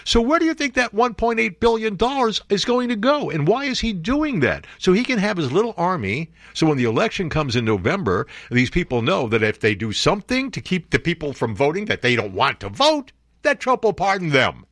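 Man, talk radio host, sarcastic and mocking, pitch leaping up and down, dry close studio sound. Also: sing-song, fairly quick, fairly bright tone, no room sound. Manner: sarcastic, mocking, jumps to put-on voices. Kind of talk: opinionated talk radio monologue.

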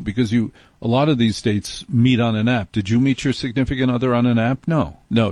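A man's voice: mid-range voice, a little mellow, no room sound. A man hosting a radio show, telling rambling jokey stories and reading ads in a wry manner. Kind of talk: comic monologue and read ads.

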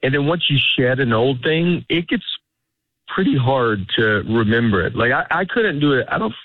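A man's voice: mid-range voice, expressive, moderate pace, dry recording. A middle-aged man, a stand-up comedian, chatting casually as an interview guest in a rambling, self-interrupting storytelling way. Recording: tinny phone-like radio sound.

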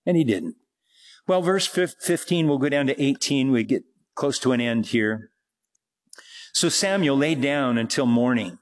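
Slow, husky-voiced man preaching. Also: medium pitch. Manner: slow, reflective Bible teaching with scripture readings and asides. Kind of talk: sermon.

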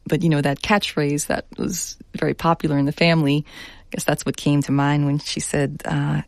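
A middle-aged woman journalist giving a thoughtful radio interview, speaking earnestly and laughing softly now and then. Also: low-pitched, little pitch movement, moderate pace, creaky, dry recording. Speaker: journalist guest.

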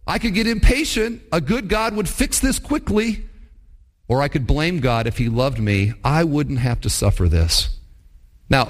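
A man preaching a sermon as pastor, talking conversationally and putting rhetorical questions to his congregation. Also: mid-range voice.

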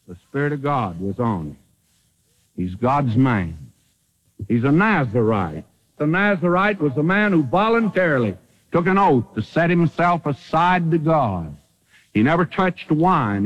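This sermon comes through muffled and dull, like vintage radio. The preacher's lively voice swoops up and down, swinging between loud proclamations and quiet, low remarks.

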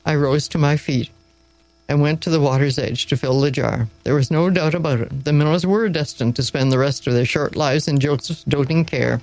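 A woman reading a story aloud in a measured, wry storytelling manner. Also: sits low, darkish tone, dry recording, low-quality recording.

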